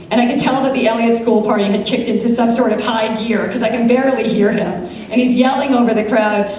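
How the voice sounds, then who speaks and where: An American woman in her thirties, an attorney, telling a true story on stage with lively quoted dialogue. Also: mid-range voice, a little hiss or hum. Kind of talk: live storytelling performance. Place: large event space, live audience. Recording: echoey room from far off.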